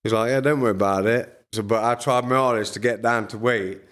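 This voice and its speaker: A man's voice: medium pitch, fairly even intonation, brisk, a bit bright. A former boxer chatting as a podcast guest, telling crude, funny stories and laughing as he goes. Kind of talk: casual storytelling chat.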